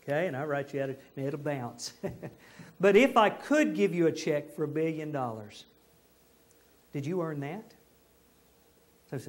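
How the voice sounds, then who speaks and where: Folksy high-voiced preacher. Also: male voice, normal speed, pauses often. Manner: folksy, animated, acts out people he quotes. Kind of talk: sermon. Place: church.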